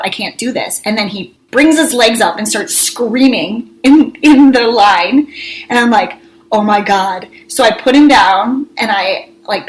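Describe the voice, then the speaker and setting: A woman co-hosting a casual podcast, telling a story with lively energy and bursts of shouting when she acts out scolding her kids. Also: mid-range voice, slight background noise, poor audio. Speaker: podcast co-host.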